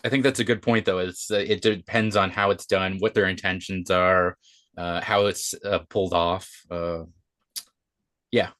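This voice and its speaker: A man from Canada chatting as a guest, hesitant, with many pauses and fillers. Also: low voice, fairly even intonation, fairly bright tone. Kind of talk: casual chat.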